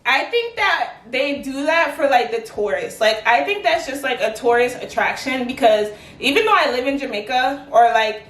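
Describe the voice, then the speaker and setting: A young adult woman chatting to camera in a casual vlog, animated and quick with "like" fillers. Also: high voice. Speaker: vlogger. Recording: echoey room, mic at a distance.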